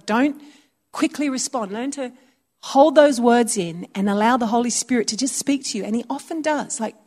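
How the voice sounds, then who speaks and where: A woman's voice: on the high side, normal speed, a little mellow. A woman preaching a conversational sermon, telling stories and acting out little voices. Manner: chatty, storytelling, acts out voices.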